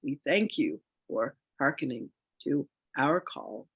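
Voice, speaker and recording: A man voicing a solemn collective of ancient spirit masters who speak slowly and formally, humming between phrases. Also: mid-range voice, lively intonation, slightly rough, no echo, highs cut off, exaggerated voice. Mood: solemn, tender. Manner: slow, formal, archaic speech with humming pauses.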